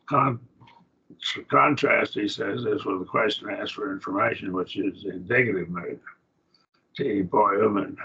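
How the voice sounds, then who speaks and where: A plainspoken, folksy man, a preacher, teaching a slow Bible Greek grammar lesson to a class. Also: on the low side, slightly rough. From rural. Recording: dull lo-fi classroom recording.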